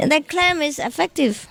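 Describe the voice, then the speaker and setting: Woman teacher lecturing followers informally, mid pitch, dry close sound, tags "huh?" onto lines. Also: no echo. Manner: chatty, ends phrases with questioning "huh?"; self-mocking, joking about her broken English. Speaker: spiritual teacher.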